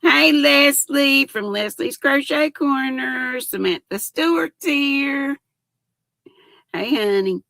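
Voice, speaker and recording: A woman's voice: sits high, slow pace, creaky, fairly bright tone, dry recording. An older woman hosting a casual livestream from home, chatting with viewers and greeting each one by name. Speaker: livestream host.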